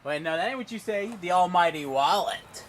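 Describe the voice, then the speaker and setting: A man's voice: high voice, expressive, fairly quick, shouting, a crowd in the background. A man filming from behind the camera, teasing and dryly correcting the speaker. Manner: dry, needling corrections. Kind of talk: casual teasing back-and-forth.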